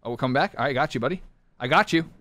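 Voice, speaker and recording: A man streaming a competitive online game live, talking his teammates through the match in short clipped callouts and bursting into excited shouts. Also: medium pitch, racing, no echo. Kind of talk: live gameplay commentary.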